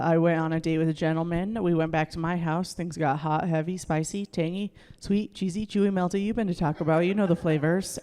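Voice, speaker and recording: A woman's voice: on the low side, a little mellow, smooth, big-room sound. A woman doing stand-up on a club stage, crude and candid, laughing at herself often. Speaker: stand-up comedian. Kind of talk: stand-up comedy set.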